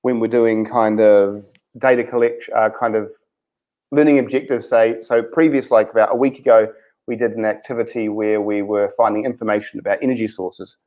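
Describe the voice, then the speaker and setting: A man's voice: fairly low pitch, fairly even intonation, fairly quick, a little mellow, muffled recording. A man with a New Zealand accent, a science teacher, speaking hesitantly with many ums on a video-call webinar. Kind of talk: webinar chat about remote teaching.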